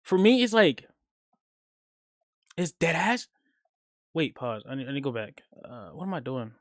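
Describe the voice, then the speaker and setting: Loud, swearing male streamer, dry sound. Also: big pitch swings, moderate pace, dry recording. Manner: swings from loud hype to low mumbling asides. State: sleep-deprived. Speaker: streamer reacting to videos. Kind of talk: casual, profane livestream chat.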